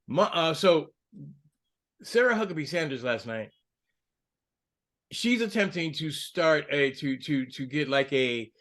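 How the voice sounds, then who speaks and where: A man co-hosting a political podcast, talking casually and getting heated. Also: a bit bright. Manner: heated, rising pitch when angry. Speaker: podcast co-host.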